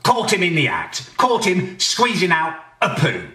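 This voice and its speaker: A British man doing a comedic rant, exasperated and swearing, often shouting in indignation. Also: high-pitched, wildly swooping pitch, measured pace, distant mic. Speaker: comedy ranter. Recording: roomy, a bit off mic.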